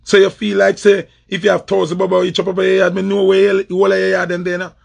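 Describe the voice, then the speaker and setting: A man's voice: sits high, monotone, fast, gravelly. A man with a Jamaican accent delivering a confrontational, repetitive rant in patois. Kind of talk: heated social media rant.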